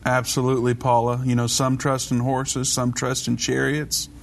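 A man hosting a Christian call-in radio show, talking briskly and conversationally while preaching to callers. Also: medium pitch, monotone, gravelly, a little hiss or hum.

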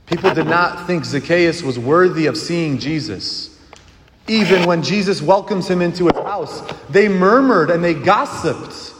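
A man's voice: fairly high pitch, unhurried. A man giving an earnest sermon as a priest, asking the congregation questions and leading them in a response. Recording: long hall reverb with clear background noise.

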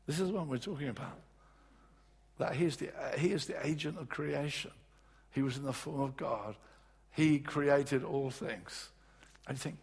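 Male preacher, gravelly and very husky voice, earnest and halting, long hall reverb. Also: a little high. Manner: earnest, halting, with many restarts. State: voice recovering from loss. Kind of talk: sermon. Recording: echoey hall.

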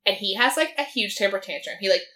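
A woman's voice: mid-range voice, animated, fast talker, bright, forceful tone. A young woman in casual chat, recapping a TV episode in a filler-heavy way and quoting the characters in her own voice. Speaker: podcast co-host.

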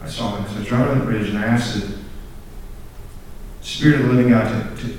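A man's voice: medium pitch, fast, a little hiss or hum. A young man telling a story in a sermon to students, earnest and self-deprecating, repeating words as he gets going. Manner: earnest, self-deprecating, laughs at his own stories; repeats and restarts words when excited. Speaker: speaker at a student group meeting. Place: large room full of students. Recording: very echoey room, heard from a distance.

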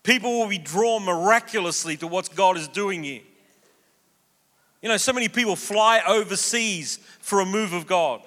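In a church auditorium with long, echoing reverb, a pastor with a high voice delivers a sermon at a moderate pace. He tells a story with animation, performing the voices of its characters.

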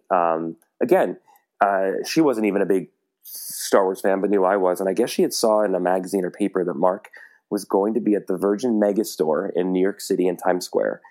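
A middle-aged man telling a personal story in casual chat, animated and laughing often. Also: deep voice.

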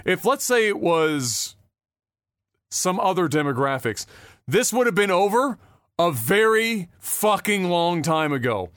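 A man's voice: high voice, sing-song, a little slow, a bit bright, dry recording, studio quality. A man co-hosting a podcast, ranting in casual chat with plenty of swearing and mocking impressions. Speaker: podcast co-host.

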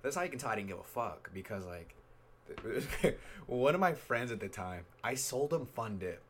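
A man's voice: medium pitch, animated, moderate pace, fairly bright tone, a little hiss or hum. A young man hosting a podcast, telling stories in a laid-back, slangy way and laughing often. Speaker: podcast host. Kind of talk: casual chat.

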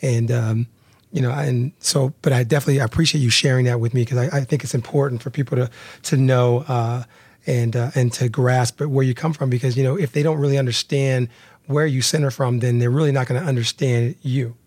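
A man's voice: medium pitch, steady tone, fairly quick, darkish tone, husky, dry recording. Earnest male podcast host. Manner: earnest, repeats words often. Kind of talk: casual interview talk.

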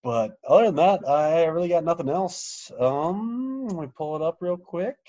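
A man's voice: fairly high pitch, animated, normal speed, mellow. Joking man on dull lo-fi audio. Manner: joking, profane, laughs through stories. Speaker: podcast co-host. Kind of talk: casual chat.

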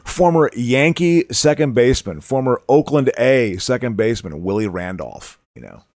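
A man's voice: mid-range voice, animated, moderate pace, a little mellow, dry recording, studio quality. A man co-hosting a casual movie commentary podcast, rambling and laughing often. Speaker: podcast co-host.

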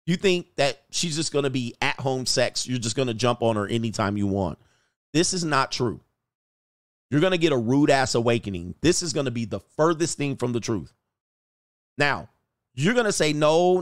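A man's voice: mid-range voice, expressive, normal speed, no room sound, studio quality. A man hosting a livestream as a relationship coach, brash and crude, joking and talking straight to his chat. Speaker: relationship coach and show host. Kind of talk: livestream commentary.

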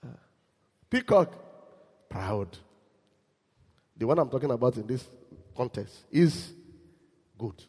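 A man preaching a sermon in church, animated and quizzing his congregation. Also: mid-range voice, slow pace, pauses often, slightly rough, big-room sound. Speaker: pastor.

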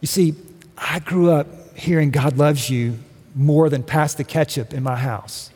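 A man's voice: fairly high pitch, a little slow, a little mellow, husky. Reverberant storytelling sermon from a man. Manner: conversational storytelling with humor. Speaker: guest speaker. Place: church sanctuary. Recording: long reverb of a large hall.

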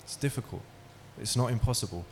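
A man gives a talk in a hall, speaking at a middle pitch and often turning to his listeners with questions. The recording carries a faint hum of room noise. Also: a little fast. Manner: engaging, asks the audience questions. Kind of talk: interactive talk to an audience. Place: hall with an audience.

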